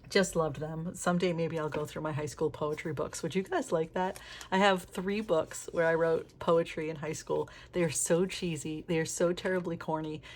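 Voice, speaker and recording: Low-voiced chatty woman vlogger. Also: fairly even intonation, moderate pace. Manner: chatty, candid, swears casually, laughs often. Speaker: planner vlogger. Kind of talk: casual flip-through chat.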